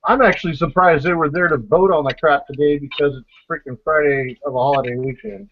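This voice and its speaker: A man's voice: a little high, a little fast, a little hiss or hum. A man hosting a casual podcast pre-show chat over a voice call, blunt and profane, rambling as he talks. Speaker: podcast host. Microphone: online voice call. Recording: dull lo-fi voice call.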